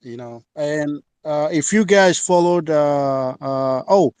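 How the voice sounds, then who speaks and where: A man moderates an online audio room in a halting, casual way, with plenty of fillers. His voice is mellow and sounds close and dry. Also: on the high side, smooth, dry recording, faint music behind. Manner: laughing, halting, with many fillers.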